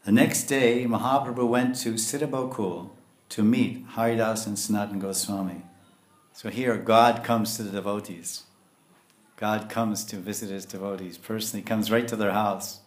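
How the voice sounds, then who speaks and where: An older man telling a sermon story, with an animated delivery and frequent chuckles. He slips into acting out the characters as he goes. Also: fairly low pitch, normal speed. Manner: animated, chuckling, acts out voices. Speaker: spiritual teacher.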